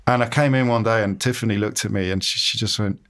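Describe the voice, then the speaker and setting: A man with a lowish voice, chatting through his career stories. He is self-deprecating and lively, slipping into other people's voices as he quotes them. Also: fast talker. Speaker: interviewee, radio presenter. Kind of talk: casual interview storytelling.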